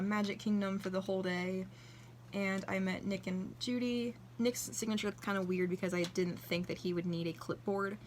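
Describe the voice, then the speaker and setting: A woman's voice: medium pitch, a little hiss or hum. Gushing, chatty young woman vlogger. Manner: gushing, chatty, acts out quoted dialogue. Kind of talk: casual chat flipping through a journal.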